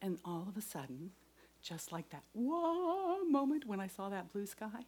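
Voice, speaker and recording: A middle-aged woman giving a devotional talk and personal testimony, earnest, moving between raised voice and soft whispers. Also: mid-range voice, sing-song, unhurried, slightly rough. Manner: earnest, shifts from loud to whispered.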